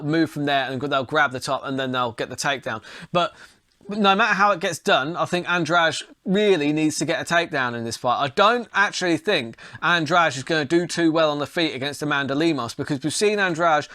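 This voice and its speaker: A man's voice: a little high, sharp tone, no room sound, studio quality. A man giving a casual, rambling fight breakdown and betting pick, swearing now and then. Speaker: fight analyst and tipster.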